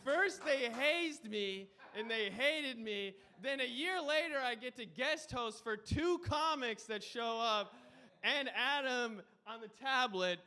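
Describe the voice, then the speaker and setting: A man's voice: very high-pitched, slow pace, bright, forceful tone. A man guest hosting a live comedy show, doing a loose, rambling stand-up set. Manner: loose, rambling, says dude a lot.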